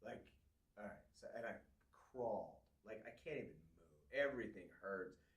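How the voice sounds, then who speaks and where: A man co-hosting a podcast, telling a personal story in a candid, halting way with many restarts. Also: fairly low pitch, lively intonation. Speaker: podcast co-host. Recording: echoey room, far from mic.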